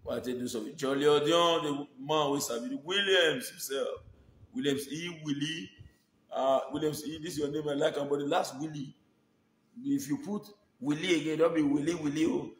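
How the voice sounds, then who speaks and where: A Nigerian online video host with a fairly high voice chats casually at a moderate pace, giving shout-outs and thanking viewers by name while mixing Pidgin with English. The audio is reverberant with slight background noise.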